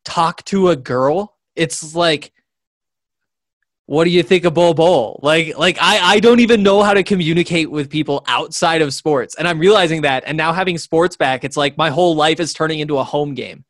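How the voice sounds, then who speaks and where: A man's voice: a little high, moderate pace, fairly bright tone, dry recording, studio quality. A man in his twenties co-hosting a sports podcast in casual chat, rambling through stories with lots of fillers. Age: 20s. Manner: rambling storyteller, many fillers.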